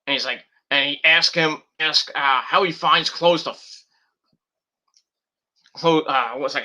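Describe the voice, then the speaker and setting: A man's voice: on the high side, a little slow, pauses often, sharp tone. A man giving a casual, rambling play-by-play recap of wrestling matches, blunt and profane as he goes. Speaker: wrestling reviewer.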